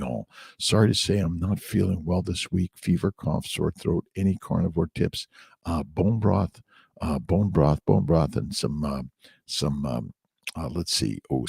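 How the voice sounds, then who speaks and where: A man's voice: a bass voice, a little mellow, no echo, clean studio sound. A middle-aged man hosting a casual morning livestream, greeting viewers by name with upbeat, repetitive affirmations. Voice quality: gravelly, husky voice.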